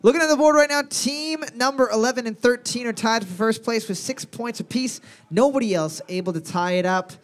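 A young man hosting a trivia night, reading questions out twice and cracking crude jokes between rounds. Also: very high voice. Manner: crude joking, repeats questions slowly. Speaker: trivia quiz host. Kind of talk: live pub quiz hosting on mic.

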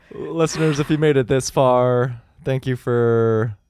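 A man's voice: on the high side, darkish tone, a little hiss or hum. A man co-hosting a podcast in casual chat, laid-back and joking, swearing now and then. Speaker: podcast co-host.

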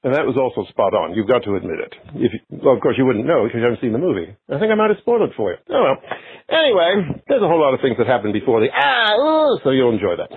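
A man's voice: mid-range voice, sing-song, rapid-fire, breathy edge, no echo. A man leaving a chatty, rambling voicemail as a caller, heard through a tinny phone line. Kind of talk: casual voicemail.

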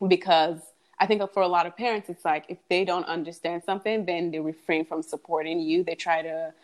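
A woman's voice: lowish voice, steady tone, brisk. A young woman guest in a casual podcast chat, speaking earnestly and reflectively with frequent fillers.

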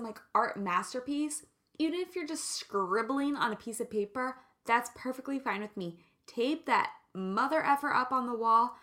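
Slow, bright-voiced woman giving pep advice. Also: on the high side. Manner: playful, slow and emphatic, jokey asides. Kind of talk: casual motivational talk.

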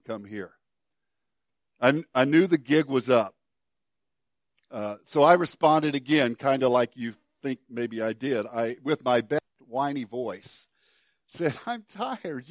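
A middle-aged pastor preaching a sermon, telling a story with many stammered restarts and dropping to soft, quiet passages. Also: male voice, medium pitch, no echo, studio quality.

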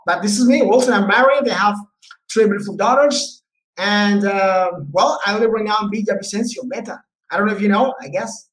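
A man's voice: high-pitched, fairly quick, fairly bright tone. A man who speaks English with a Spanish accent and Spanish as his first language, a teacher chatting as a podcast guest with lots of fillers and "right?" tags. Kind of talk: casual podcast interview. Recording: echoey room with faint noise.

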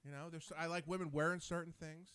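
A man's voice: a little high, clear, resonant tone, dry recording. A man from New Jersey hosting a casual talk show, telling rambling stories with lots of energy. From New Jersey, USA. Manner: animated storyteller, quick and rambling. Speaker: host. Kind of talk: casual chat.

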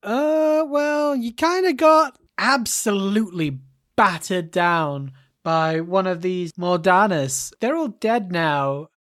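A woman's voice: mid-range voice, slow pace, no room sound. A woman playing a tabletop role-playing game, chatting casually and hesitantly with plenty of fillers. The recording is dry and close. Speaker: player.

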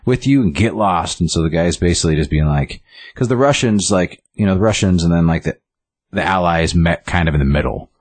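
A deep-voiced man talking casually about a comic book, rambling and filling his talk with likes and ums. The sound is dry and close, like a small room. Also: fairly quick, no room sound. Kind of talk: casual chat.

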